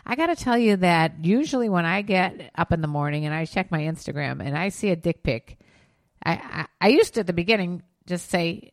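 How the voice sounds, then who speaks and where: A woman's voice: lowish voice, brisk, no room sound, clean studio sound. A middle-aged woman co-hosting a podcast in casual chat, talking frankly and laughing easily. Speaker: podcast co-host.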